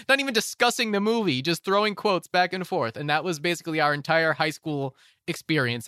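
A man's voice: on the high side, bright, forceful tone, no room sound, clean studio sound. A young man hosting a casual movie podcast, rambling and laughing often as he talks. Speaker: podcast host.

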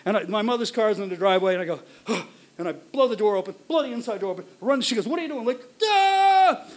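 A man telling a personal story live to an audience, animated and acting out shouts and voices. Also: high-pitched.

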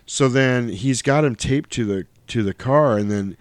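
A man casually recapping a movie in chat, animated and swearing, mimicking the characters' lines in high silly voices. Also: measured pace, clear, resonant tone, no echo. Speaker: podcast host recapping a film.

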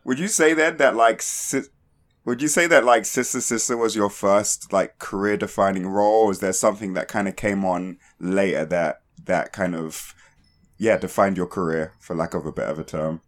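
A man hosts a casual conversation with a lowish voice. He asks his questions in a relaxed way, full of fillers. He sounds easygoing. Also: moderate pace. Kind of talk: casual chat.

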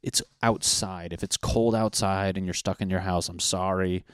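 Podcast host, man, low voice, dry close mic, rambling and profane. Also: fairly even intonation, moderate pace, smooth, no echo. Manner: profane, tangent-prone, jokey. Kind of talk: rambling casual monologue. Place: apartment in Los Angeles.

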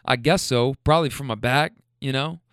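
A man voicing a laid-back middle-aged male passenger who talks in a relaxed, chatty, matter-of-fact way. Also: medium pitch, moderate pace, smooth, no echo, studio quality, close to an everyday voice. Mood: easygoing.

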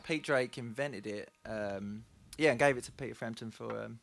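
A man with an East London Cockney accent, a musician guest in a radio studio, talking in a relaxed, rambling way. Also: medium pitch, normal speed, creaky. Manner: relaxed, rambling, laughs easily.

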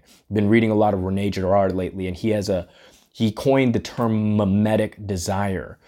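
A man with a low-set, warm and mellow voice delivers a reflective solo podcast monologue. His manner is earnest and musing, and he keeps nudging the listener with "right?". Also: steady tone, normal speed. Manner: earnest, musing, often tags lines with "right?". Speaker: podcast host.

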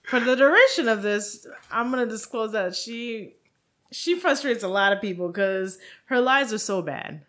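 A podcast co-host chatting about a true-crime case, quick to laugh and chiming in with short remarks. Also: mid-range voice, animated, sharp tone. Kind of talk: casual true-crime chat.

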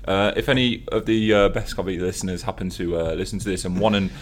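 Low-voiced Englishman teasing his co-host. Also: fairly even intonation, quick pace, slight background noise. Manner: jokey, teasing banter. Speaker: podcast co-host. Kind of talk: casual chat. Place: office.

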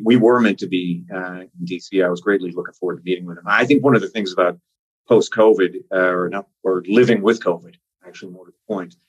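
A man's voice: low voice, husky. A man from Newfoundland with a Newfoundland accent, chatting casually as a guest over a remote call, with many fillers and restarts. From Newfoundland, Canada. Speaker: government minister, podcast guest. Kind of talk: casual interview talk. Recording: dull lo-fi remote audio.

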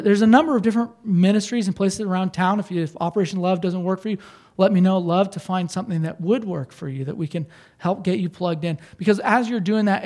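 A man's voice: high-pitched, darkish tone. A middle-aged man, a pastor, preaching a sermon in an earnest, conversational way, often repeating and restarting phrases.

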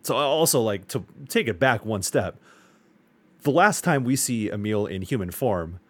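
Deep-voiced man in rambling podcast chat. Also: lively intonation, normal speed, dry recording. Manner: enthusiastic, rambling, swears casually. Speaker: podcast co-host.

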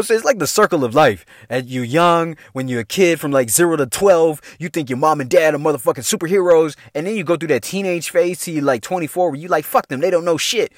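A man's voice: fairly high pitch, no echo, studio quality. A man telling a funny personal story in a casual, slangy, heavily profane way, laughing often. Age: adult parent. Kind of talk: casual comedic storytelling monologue.

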